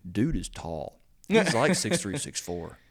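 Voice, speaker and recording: A man's voice: on the low side, unhurried. A man hosting a farm podcast, telling stories in a rambling, casual way with lots of fillers. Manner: rambling storyteller, lots of fillers, animated when excited. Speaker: extension agent podcast host.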